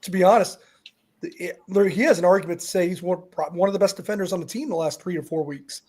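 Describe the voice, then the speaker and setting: Slightly high-voiced male podcast co-host. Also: fast talker, a little mellow, breathy edge. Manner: thoughtful, trails off, restarts sentences. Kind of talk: casual sports analysis.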